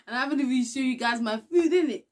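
A young woman with a high voice chats casually to camera as a vlogger at a quick pace. She laughs often and trails off into soft mumbles.

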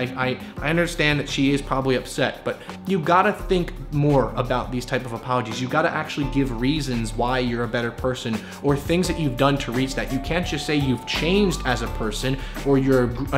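Brief: male commentary vlogger, casual and earnest, mid-range voice, music bed underneath. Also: mid-range voice. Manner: earnest, lecturing, repeats himself when emphatic. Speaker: commentary youtuber.

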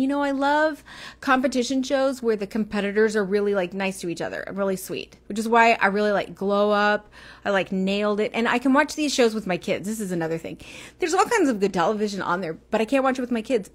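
A woman hosting her own livestream, chatting in a rambling way and answering viewer comments. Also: mid-range voice. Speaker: livestream host. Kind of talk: casual livestream chat.

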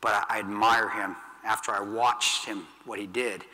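A blunt middle-aged man telling a war story from a stage, his voice bright and forceful. His delivery swings from loud to hushed, with long reverb trailing through a big event hall. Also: fairly low pitch, little pitch movement, moderate pace. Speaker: keynote speaker, veteran. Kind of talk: storytelling speech to an audience.

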